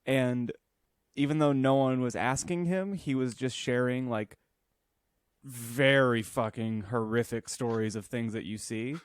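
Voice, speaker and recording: A man's voice: medium pitch, fairly even intonation, measured pace, clear, resonant tone, dry recording, clean studio sound. Chatty man telling rambling stories. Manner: rambling storyteller, laughs often. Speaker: podcast co-host. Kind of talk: casual chat.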